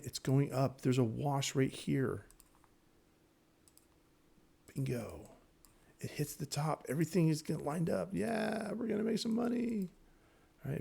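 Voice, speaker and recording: A man teaching day trading over his charts in a casual, excitable way, repeating himself and talking straight to viewers. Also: medium pitch, creaky. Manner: excitable, repetitive, talks to viewers directly. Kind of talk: casual screen-share trading lesson.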